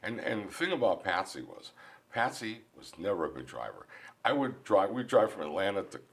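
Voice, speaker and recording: A man with a fairly low voice tells a personal faith story in a studio interview. His pitch rises and falls widely as he speaks, and he often repeats words as he restarts his sentences. He sounds animated and earnest throughout. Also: a little fast, vocal fry. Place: recording studio.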